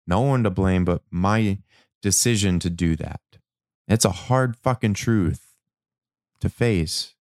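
A man giving a reflective motivational talk about anger and change, slow and emphatic, repeating words and now and then swearing. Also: low voice, a little mellow, no echo, studio quality. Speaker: self-help speaker.

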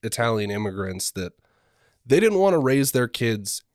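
A man from California in relaxed podcast chat, adding chuckling asides. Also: medium pitch, moderate pace, no echo, studio quality. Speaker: podcast co-host. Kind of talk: casual chat.

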